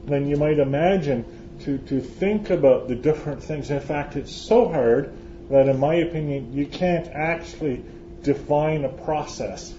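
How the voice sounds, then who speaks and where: A man's voice: on the high side, mellow, a little hiss or hum. A man from Canada, giving a joking, chatty lecture to a live audience and often restarting his phrases. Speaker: conference speaker. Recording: roomy, dull hall recording.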